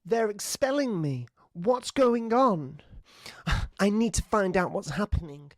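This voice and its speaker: A man doing a jittery teenage boy wizard in a podcast bit, his voice pushed up high and thin. He sounds fretful and restless, sighing between worried lines. The sound is dry and close. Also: expressive, slow, no echo. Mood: anxious.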